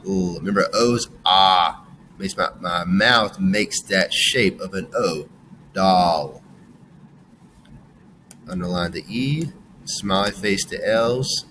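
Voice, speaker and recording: Male phonics teacher, lowish voice, slow and lively delivery, faint room noise behind. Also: rough recording. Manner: slow, sounding out letters and praising. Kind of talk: phonics lesson for children.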